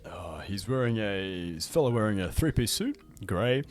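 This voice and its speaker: A man's voice: lowish voice, animated, normal speed. A man playing a tabletop game, chatting casually and hesitantly with many fillers. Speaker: player.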